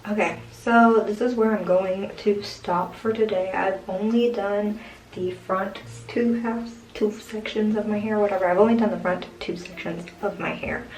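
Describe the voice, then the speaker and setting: A woman's voice: medium pitch, fairly even intonation, moderate pace, darkish tone. A young woman casually explaining how she dyes her own hair, rambling with many fillers. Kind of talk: casual home tutorial. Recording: echoey room from far off.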